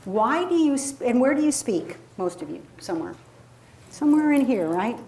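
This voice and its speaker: A woman coaching a live group on voice, speaking energetically and dropping into sudden high and low demonstration voices. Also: sing-song, moderate pace, a little mellow, slight background noise. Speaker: voice and presentation coach. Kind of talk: workshop talk to a live audience.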